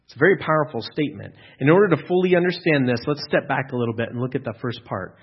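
A man's voice: mid-range voice, fast talker, breathy edge, muffled recording. A man preaching an earnest teaching sermon, restarting phrases and adding fillers as he explains. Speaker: pastor.

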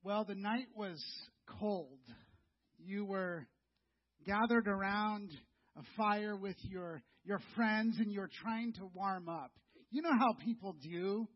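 A man's voice: sits high, slow. A middle-aged male pastor preaching a sermon, telling a story in a conversational way and speaking to the listeners as "you". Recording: dull lo-fi sound.

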